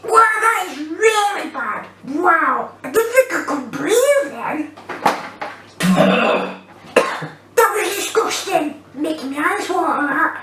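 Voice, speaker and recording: A woman putting on a squeaky childlike character voice, reacting loudly to food in a challenge vlog. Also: sing-song, slow pace, long pauses, exaggerated voice. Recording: distant mic, faint background noise.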